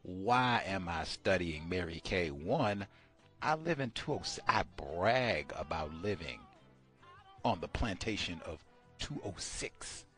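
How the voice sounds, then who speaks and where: Male radio host, deep-set voice with animated pitch swings; presses his points with rhetorical questions. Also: takes it slowly, soft background music. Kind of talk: study session talk.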